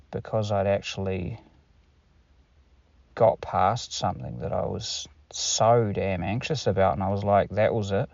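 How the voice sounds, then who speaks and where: A man's voice: deep voice, vocal fry, darkish tone, no echo, lo-fi sound. A man talking casually to camera in a rambling monologue, swearing freely and using many fillers. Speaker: vlogger.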